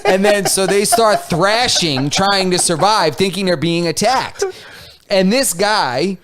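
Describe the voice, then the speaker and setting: Man, podcast co-host, animated storyteller, slangy, higher voice. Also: slow. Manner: animated storytelling, slangy, lots of "like" and "you know". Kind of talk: casual chat.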